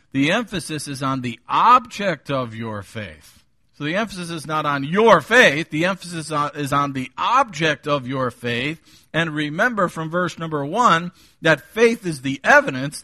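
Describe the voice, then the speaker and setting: Animated, bright-voiced male preacher. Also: on the high side, normal speed, no echo, clean studio sound. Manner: emphatic, repeats key phrases, occasional chuckle. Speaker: pastor. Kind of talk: sermon.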